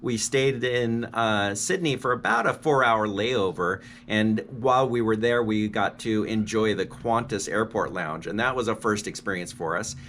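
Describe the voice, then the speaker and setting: Chatty jokey guy in his 50s doing a travel vlog, kinda low voice. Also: fairly bright tone, slight background noise. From United States. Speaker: travel vlogger. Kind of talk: casual travel vlog talk.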